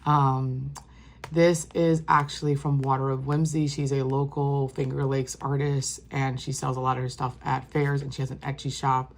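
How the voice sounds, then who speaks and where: A woman's voice: a bass voice, level tone, normal speed, slight background noise. A woman vlogger casually rambling through a walk-through of her craft journal, with many fillers and restarts. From New York State.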